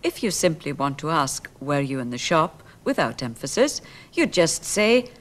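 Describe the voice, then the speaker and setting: A woman explaining grammar in a lesson, slowly and carefully, repeating her example phrases. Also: low voice, very animated. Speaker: language teacher.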